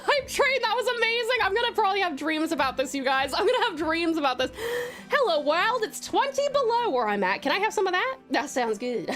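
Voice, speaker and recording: High-pitched aussie woman on a live stream, giggly, calls chat sweetheart, faint music behind. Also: a bit bright. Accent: Australian. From Tasmania, Australia. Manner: affectionate, giggly, calls viewers pet names.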